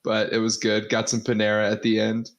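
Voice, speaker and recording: A young man co-hosting a podcast, teasing the others with quick questions in casual chat. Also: fairly low pitch, monotone. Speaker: podcast co-host.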